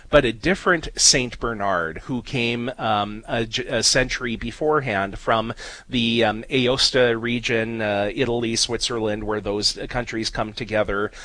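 A man's voice: medium pitch, bright, forceful tone, no echo, low-quality recording. A man co-hosting a Catholic talk show, explaining things at length with frequent fillers and spelled-out names. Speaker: co-host. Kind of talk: casual radio-style chat.

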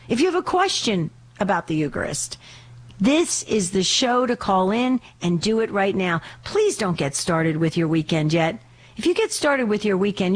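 A woman hosting a live call-in radio show, talking in a fervent, urgent, pleading way, still getting over a slight cough. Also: medium pitch.

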